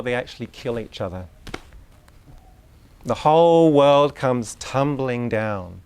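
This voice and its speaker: A man with a voice of ordinary pitch gives an informal talk to a group of parents. He explains through examples and throws in asides and questions to the room. He sounds like someone speaking in person to a live audience. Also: smooth. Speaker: speaker on Waldorf education.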